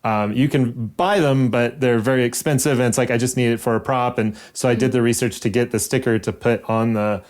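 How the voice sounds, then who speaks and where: A man's voice: medium pitch, steady tone, a little fast, few pauses, a little mellow. A man, a filmmaker guest on a podcast, chatting in an easygoing way with fillers and small laughs. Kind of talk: casual podcast conversation.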